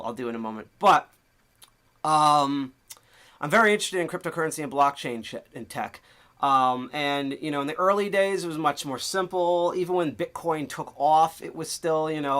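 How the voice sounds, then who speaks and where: A man hosts a casual livestream with a slightly high-pitched voice. He rambles, swears freely and often loses his thread, filling gaps with "um" and "uh". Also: a bit bright. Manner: rambling and profane, loses his train of thought. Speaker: host.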